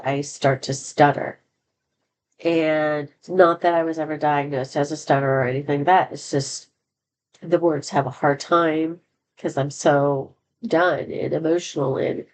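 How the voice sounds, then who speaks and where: A woman's voice: low-pitched, a little mellow, slight background noise, poor audio. A woman telling a personal story in a candid, rambling way, with many fillers and restarts. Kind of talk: casual storytelling monologue.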